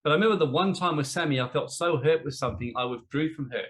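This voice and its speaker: A man's voice: on the high side, fast, a bit bright. A man teaching in a live online discussion, telling an earnest, confessional personal story and later teasing his co-hosts playfully. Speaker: teacher in an online spiritual debate.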